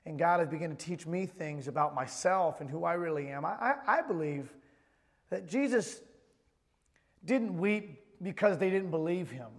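A man's voice: on the high side, animated, normal speed. A man in his thirties preaching a sermon with emphatic delivery, reading scripture aloud in between. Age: 30s. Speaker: pastor. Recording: long hall reverb.

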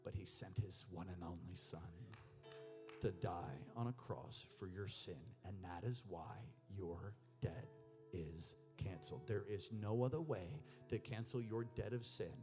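A man preaching a sermon, animated, moving between loud emphatic reading and low, intense asides, with casual slang mixed in. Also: unhurried, over music. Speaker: pastor.

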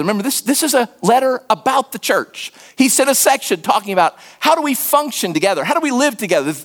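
Animated, lively-voiced male pastor preaching. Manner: storytelling, acts out quotes with sudden pitch jumps; drops to a hushed near-whisper for emphasis. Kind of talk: sermon.

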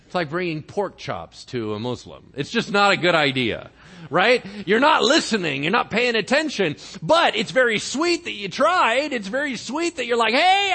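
A man's voice: sits high, creaky, sharp tone. A man preaching a casual, conversational sermon to his congregation, acting out bits of dialogue as he goes. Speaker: pastor.

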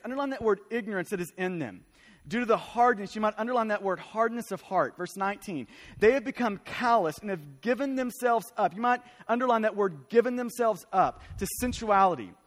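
A male pastor preaching a sermon with emphatic, urgent delivery and repeated phrases. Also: very high voice. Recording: long hall reverb.

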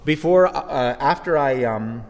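A man preaching a sermon as pastor, swinging from quiet asides to shouted exclamations. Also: mid-range voice, lively intonation, unhurried. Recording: long hall reverb.

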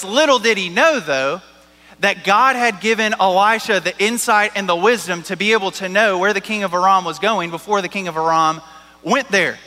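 A man's voice: high-pitched, normal speed, bright, forceful tone, in a large hall. A man preaching a sermon as a pastor, talking in a casual, joking way with lots of "like" and "right?".

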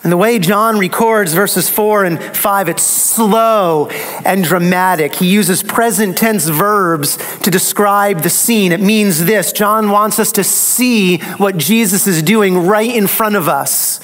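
A man with a high-pitched voice delivers a sermon. He speaks slowly and dramatically. He repeats key phrases for emphasis. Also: a bit bright. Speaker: preacher. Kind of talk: expository sermon.

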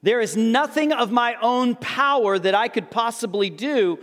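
A man's voice: very high voice, a little slow, fairly bright tone, long reverb tail. A pastor preaching a sermon in a conversational way, acting out the people in the story as he reads and explains. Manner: conversational, acts out the disciples' voices.

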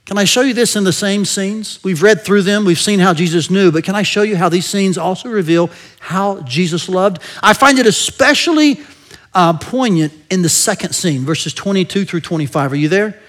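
A man with a high voice delivers a conversational sermon. He keeps drawing the listeners in with rhetorical questions and often lets the ends of his phrases fall into a soft murmur. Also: expressive, moderate pace. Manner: drops to a soft murmur at the end of many phrases. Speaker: preacher.

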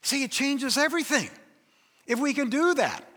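A man's voice: extremely high pitch, lively intonation, moderate pace, fairly bright tone. An older man preaching a sermon as pastor, emphatic, acting out quoted voices. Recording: reverberant hall.

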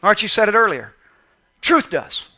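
A man preaching a sermon with passion, swinging between loud calls and quiet asides. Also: sits high, very animated, moderate pace. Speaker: pastor.

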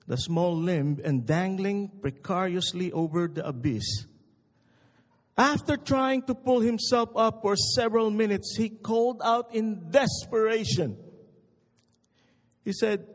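A male pastor preaching a sermon, telling stories slowly and with emphasis before he leads a prayer. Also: high-pitched, in a large hall. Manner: slow, emphatic storytelling.

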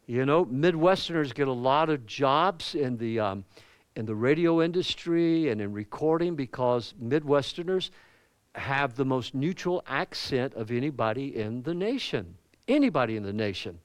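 A pastor with a Southern US accent preaching a sermon in a conversational way, with asides and questions to the congregation. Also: male voice, medium pitch, lively intonation, a little slow, clean tone, no room sound. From American South.

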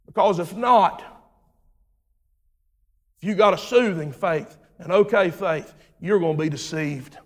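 A man with a high voice preaches slowly and deliberately. His rhythmic sermon climbs to shouted lines, then sinks to low, hushed phrases. The sound rings with the long reverb of a church hall. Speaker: pastor.

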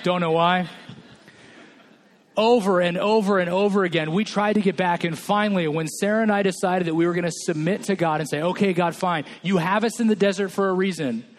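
High-voiced male pastor preaching. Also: a little fast. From California. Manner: personal storytelling with quoted dialogue. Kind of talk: sermon.

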